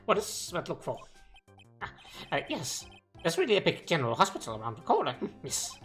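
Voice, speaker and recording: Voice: medium pitch, huge pitch swings, a little fast, a bit bright, faint music behind, voice pushed up. A streamer voicing an eccentric, dim old male clinic director with an exaggerated wacky voice, humming and muttering between answers. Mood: evasive. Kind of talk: voice-acting game dialogue on a stream.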